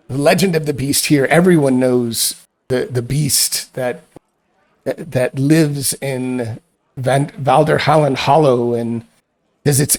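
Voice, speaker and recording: Gravelly male game master narrating. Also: medium pitch. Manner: loose, halting narration full of fillers and restarts. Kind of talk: narrating a tabletop role-playing game.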